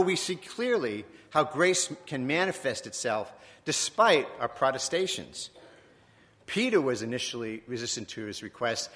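A man from Virginia preaching a sermon in a church, reflective and conversational, with pauses and self-corrections. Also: mid-range voice, pushed and bright. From Virginia, USA. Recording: long echoing church reverb.

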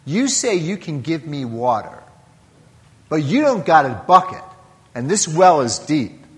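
A man's voice: a little high, very animated, a little slow, a bit bright, big-room sound. A man voicing a blunt Samaritan woman who challenges what she hears, in his own voice as he retells a scripture story. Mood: incredulous. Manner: incredulous, challenging questions.

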